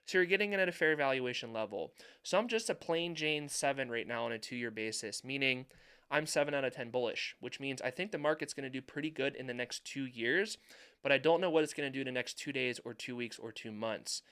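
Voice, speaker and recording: A man's voice: medium pitch, fairly quick, bright, forceful tone, clean tone. A young adult man giving market commentary over charts, emphatic and repeating points for stress. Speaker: finance YouTuber.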